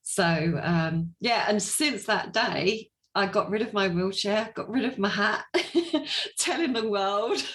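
Here an English guest offers personal testimony during an interview, pacing herself slowly at a medium pitch. Laughter and fillers run through her animated storytelling.

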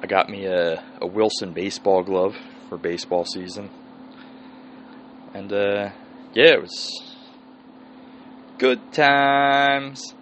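A man's voice: fairly low pitch, fairly even intonation, slow, pauses often, a bit bright, slight background noise, low-quality recording. A man, hosting a solo podcast and telling a rambling, profane story. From Philadelphia area. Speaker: podcast host.

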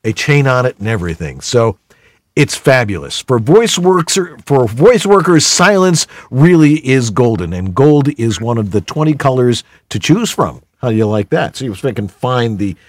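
A man hosting a podcast with playful, jokey energy. His pitch swings widely as he talks. The sound is dry and close. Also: normal speed, dry recording. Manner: jokey, animated, playful asides. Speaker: podcast host. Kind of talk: podcast hosting, product plug.

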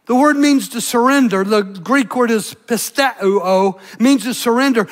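A man preaching a sermon as pastor, impassioned, dropping to quiet intimate asides. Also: very high voice, moderate pace, few pauses. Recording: long reverb of a large hall.

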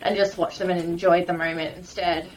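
A woman from Australia with an Australian accent, a podcast guest recounting a story in animated, emotional detail and laughing often. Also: on the low side, brisk, slight background noise, poor audio. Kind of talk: casual storytelling.

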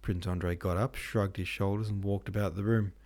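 Deep, gravelly male storyteller. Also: a little fast. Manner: slangy, relaxed. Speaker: podcast host and reader. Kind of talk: casual modern retelling of a classic novel.

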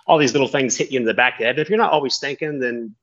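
A man's voice: mid-range voice, very fast, a loud crowd. Man, tandem skydiving instructor, rambling storyteller, swears, muffled lo-fi recording. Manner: rambling, animated, swears freely. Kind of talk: casual storytelling chat.

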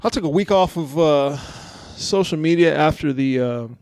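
A man's voice: fairly high pitch, darkish tone, no echo, studio quality. A man co-hosting a casual comedy podcast, joking and laughing as he talks. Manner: laughing, joking, does quick impressions. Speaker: podcast co-host.

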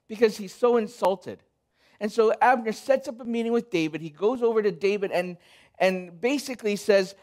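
A man preaching a sermon, retelling a Bible story in a lively, casual way and quoting the figures in everyday speech. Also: very high-pitched, normal speed.

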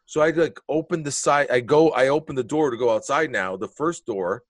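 A man tells a story in casual conversation, swearing freely and animatedly acting out other people's lines. His mid-range voice moves at a quick pace with hardly any pauses, and there's no echo.

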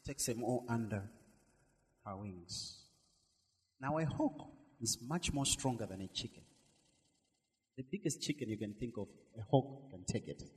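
A middle-aged male minister preaching a sermon, swinging between loud emphatic lines and soft drawn-out words. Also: mid-range voice, big-room sound.

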